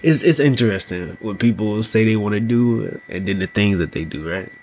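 A man hosting a solo podcast, talking slowly and loosely, often asking "you know what I mean". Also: fairly low pitch, a little mellow, a little hiss or hum. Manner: slow, thoughtful delivery with small laughs. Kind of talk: casual solo podcast monologue.

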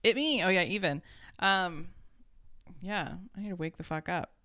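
A woman's voice: fairly low pitch, moderate pace, bright, forceful tone, no echo, studio quality. A young woman co-hosting a podcast, chatting casually, joking and swearing as she tells a story. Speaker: podcast co-host. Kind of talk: casual chat.

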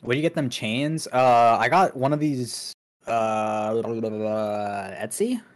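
A man's voice: mid-range voice, steady tone, slow pace. A man streamer chatting casually on a livestream, loose and rambling, often laughing. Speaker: streamer guest.

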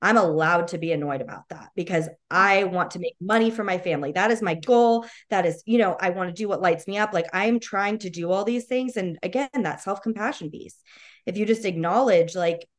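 A woman speaking as a guest on a podcast, casual and encouraging in tone. She often says "like" and "you know." Her voice sits a little low for a woman. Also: brisk.

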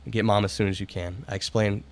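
A man's voice: on the low side, little pitch movement, fast talker. A man on a podcast reading a ghost story aloud dramatically, stumbling over words now and then. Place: room with friends, candle lit.

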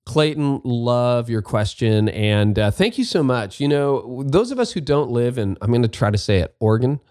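A man's voice: mid-range voice, big pitch swings, moderate pace, a little mellow, no echo, clean studio sound. A middle-aged man from Canada hosting a podcast, answering listener questions in a candid, self-deprecating way and repeating his key points. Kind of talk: casual advice talk.

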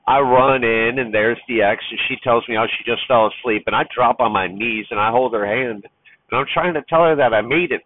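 A medium-pitched male voice, recorded with no room sound but with a tinny, phone-like quality. In a personal vlog monologue, a truck driver speaks about fatherhood in a heartfelt, near-tearful way, rambling and restarting as he goes.

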